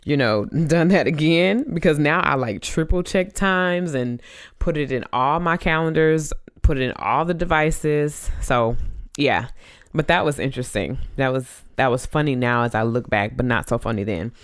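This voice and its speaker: A woman in her thirties hosting a podcast, telling a story in a chatty, animated way with many fillers. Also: deep voice, normal speed, no room sound, studio quality. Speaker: podcast host. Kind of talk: casual chat.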